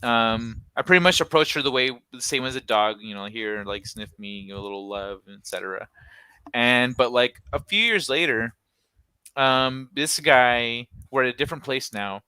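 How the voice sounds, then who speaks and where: A man's voice: medium pitch, normal speed, sharp tone, smooth, dry recording. A young man co-hosting a casual chat, telling a long story in a rambling way full of "like" and restarts, with a casual curse here and there. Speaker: podcast co-host.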